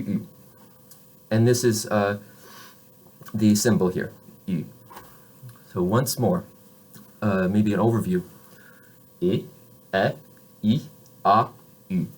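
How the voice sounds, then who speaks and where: A man teaching beginner French pronunciation, explaining casually, correcting himself and modeling sounds slowly. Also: fairly low pitch, fairly even intonation, darkish tone.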